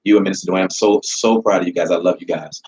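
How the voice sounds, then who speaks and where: A man, a pastor, talking on a radio show, warm and encouraging with frequent affirming murmurs. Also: sits low, steady tone, fast talker, rough recording. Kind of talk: casual heartfelt radio conversation.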